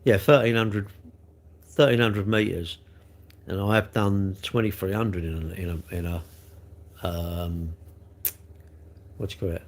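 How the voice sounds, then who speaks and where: A man's voice: low-pitched, fairly even intonation, a little slow, long pauses. A man in his sixties with a South London accent, chatting casually on a livestream and answering comments, rambling and tagging questions onto everything. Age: 60s. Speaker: livestream host.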